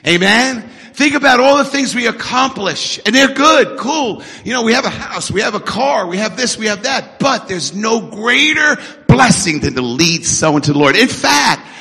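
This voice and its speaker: Brief: energetic middle-aged preacher, bright ringing voice, swooping delivery. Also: male voice, very high voice, moderate pace, gravelly, few pauses. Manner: energetic, call-and-response preaching. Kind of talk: sermon. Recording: echoey hall.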